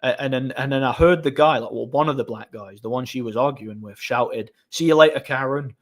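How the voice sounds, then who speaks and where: A man's voice: mid-range voice, steady tone, fairly quick. A man hosting a casual live stream, telling long stories with many restarts and small laughs. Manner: rambling storytelling with frequent restarts.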